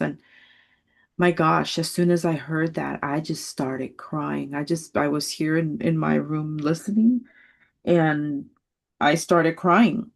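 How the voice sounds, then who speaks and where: A woman in her sixties telling a personal story on a video call, animated and laughing often as she acts out voices. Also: deep voice, gravelly. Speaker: study group member.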